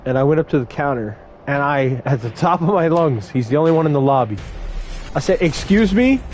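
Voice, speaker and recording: A young man telling brash, animated stories about run-ins with customers at his fast food job. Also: mid-range voice, slight background noise. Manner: brash, animated retelling of confrontations. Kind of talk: casual storytelling vlog.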